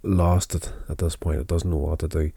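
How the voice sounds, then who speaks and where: A tired man recaps a television episode in a loose, rambling way, full of fillers and restarts. His voice is very low and mellow. The recording is dry and close. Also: level tone, normal speed, vocal fry, breathy edge, no echo. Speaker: show recapper.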